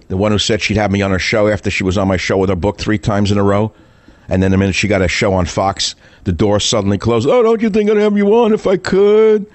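A man's voice: lowish voice, dry recording. An older American man, a talk host, giving a combative podcast monologue full of sarcastic rhetorical questions.

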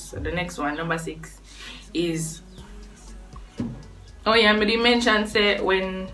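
Chatty Jamaican woman vlogging, low voice. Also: sharp tone, distant mic. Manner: chatty, laughs between points. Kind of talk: casual talk to camera. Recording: voice a bit off-mic with faint music behind.

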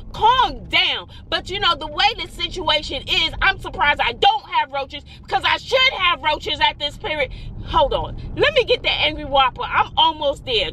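This is a woman from Brooklyn sitting in her car and talking to a phone camera. Her voice is high and bright. She vents in an exasperated, rambling way and keeps circling back to the same points. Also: a little hiss or hum. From Brooklyn, New York. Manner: exasperated, rambling, repeats herself. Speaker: vlogger, single mom. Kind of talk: venting vlog while driving. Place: inside a car.

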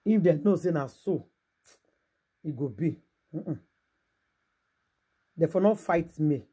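A man with a Nigerian Pidgin English accent and a somewhat high, husky voice. He gives casual vlog commentary and preaches to his viewers. He asks them rhetorical questions and talks straight at them. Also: expressive, slow, warm tone. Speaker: gossip vlogger.

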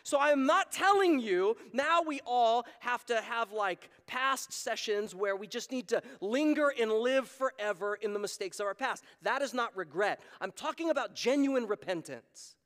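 In a church sanctuary with long hall reverb, a pastor preaches a sermon in a very high-pitched, expressive, fairly bright voice. He talks earnestly and conversationally at a moderate pace with few pauses, acting out quoted voices.

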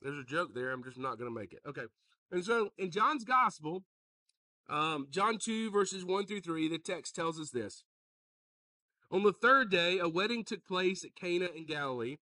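A pastor preaching a sermon, joking with the congregation and calling out to them. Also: male voice, sits high, no room sound, recorded from a distance. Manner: joking, animated, calls out to the congregation.

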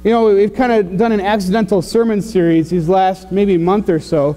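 A pastor with a fairly high voice delivers a sermon in a warm, mellow tone and fairly even intonation. He talks conversationally but haltingly, stumbling over words with many "uh"s, fillers and restarts, and his voice rings through a church sanctuary with a long reverb tail.

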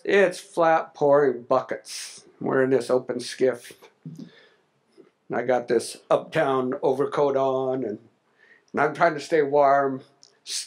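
A man telling a personal story in a conversational way during a public speech. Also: medium pitch. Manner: conversational, anecdotal, with fillers. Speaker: speaker at a salmon summit.

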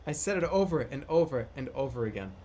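A man streaming a video game, commenting live, often yelling, laughing and repeating phrases over and over. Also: medium pitch, fast, a little hiss or hum. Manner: excitable, yelling and laughing a lot.

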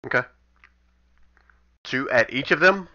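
A man's voice: mid-range voice, lively intonation, a little slow, sharp tone. A man running a tabletop game online as game master, wry and amused as he narrates the monsters' turns. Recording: dull lo-fi voice chat audio.

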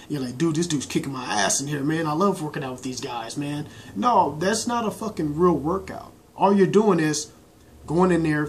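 A man vlogging to his laptop webcam in a dim room, ranting casually about training with blunt slang and constant swearing. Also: fairly high pitch. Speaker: bodybuilder vlogger. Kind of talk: casual profane rant to camera. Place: indoor room lit by laptop and corner lamp.

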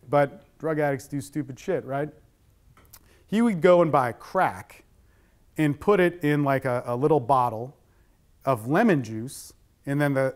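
A middle-aged man giving a talk on addiction with slides, speaking bluntly and conversationally with plenty of swearing. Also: medium pitch.

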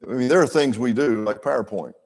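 A man's voice: mid-range voice, quick pace, a little mellow. An older man teaching a church Bible class in an earnest, folksy way, with asides to his listeners.

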